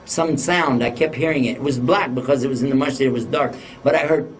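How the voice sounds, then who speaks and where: A man's voice: mid-range voice, fast talker, distant mic, slight background noise, rough recording. Older man telling a story, from afar. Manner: animated storytelling with voiced quotes. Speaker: preacher. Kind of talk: storytelling lecture.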